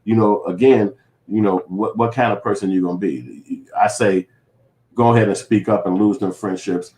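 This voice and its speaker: A man with a low voice and a Chicago accent riffs to his viewers in an unscripted commentary. He swears freely, leans on street slang, and rambles, doubling back on himself as he goes. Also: moderate pace, darkish tone. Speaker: vlogger.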